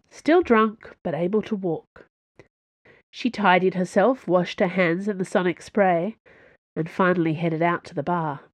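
A woman's voice: fairly low pitch, darkish tone, no echo. A woman reading a novel aloud as an audiobook narrator, telling it steadily. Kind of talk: scripted narration.

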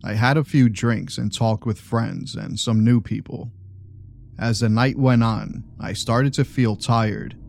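A man reading a first-person story aloud as scripted narration, in a steady, measured way. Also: medium pitch, vocal fry, a little hiss or hum.

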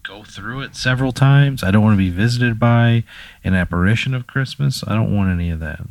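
A man's voice: fairly low pitch, a little fast, vocal fry, no echo. A man in a casual podcast chat, answering a hypothetical with exasperated, swearing replies. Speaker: podcast co-host.

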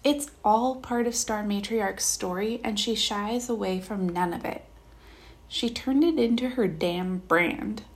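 A woman's voice: medium pitch, a little slow. A woman hosting a podcast, talking in an upbeat, hyped, casual way. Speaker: podcast host.

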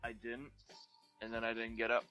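A man co-hosting a podcast, talking in a halting way with many fillers. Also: mid-range voice, completely flat delivery, sharp tone, soft background music. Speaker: podcast co-host. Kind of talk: casual chat.

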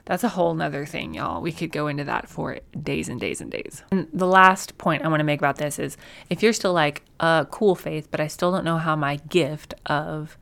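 A woman's voice: deep voice, expressive, moderate pace, vocal fry, a bit bright. A woman hosting a faith podcast, talking in a chatty, encouraging way with many fillers and restarts. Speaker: podcast host. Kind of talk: faith-based podcast talk.

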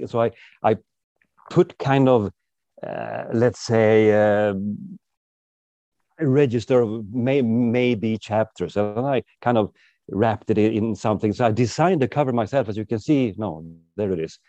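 Swedish guy chatting in an interview, kinda wry, laughs a lot, deepish voice. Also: measured pace, dark tone, dry recording, lo-fi sound. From Sweden. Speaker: author and guest. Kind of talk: casual interview talk.

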